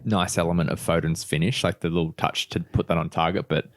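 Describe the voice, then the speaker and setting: A man's voice: quick pace, dry recording, studio quality. A man co-hosting a podcast, chatting expressively in casual banter. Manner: expressive, slips into high squeaky impressions. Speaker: podcast co-host.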